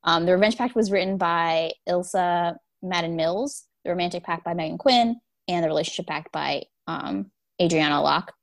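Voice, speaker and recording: A woman co-hosts a podcast in casual chat, giving a relaxed rundown full of ums. Her voice sits low, and the sound is close and dry. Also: moderate pace, gravelly, hardly any pauses, no echo. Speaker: podcast co-host.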